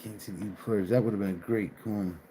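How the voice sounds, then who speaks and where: A man's voice: lowish voice, fairly even intonation, fast, warm tone. Guy rambling on his live stream, laughs a lot, swears a little, faint hiss behind him. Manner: chatty, laughs often, mild cursing. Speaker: livestream host. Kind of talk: casual live chat.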